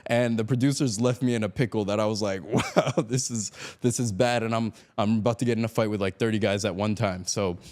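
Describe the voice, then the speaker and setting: With a voice on the low side, he talks a little fast and hardly pauses. He's a Miami man guesting on an interview podcast, animatedly telling a story with frequent laughter and acted-out quotes.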